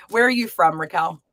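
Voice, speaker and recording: A woman's voice: medium pitch, dry recording. A woman hosting a live tarot reading stream, talking casually to viewers with lots of fillers and pet names. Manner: chatty, warm to viewers, filler-heavy.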